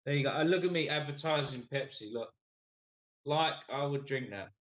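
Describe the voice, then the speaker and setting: A man's voice: mid-range voice, moderate pace, fairly bright tone, highs cut off. A man hosting a casual live stream, joking around, swearing freely and reading out viewers' comments.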